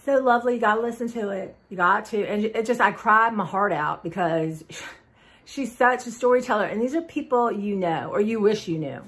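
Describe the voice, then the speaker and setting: Rambling husky woman vlogger. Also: mid-range voice, lively intonation, fairly bright tone. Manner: rambling and chatty, drawn-out y'all and sighs. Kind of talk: casual haul chat.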